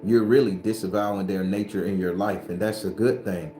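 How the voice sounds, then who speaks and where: A man's voice: deep voice, steady tone, a little fast, dark tone, reverberant. A man hosting a spiritual livestream, talking bluntly and profanely to his viewers in a casual, preachy way.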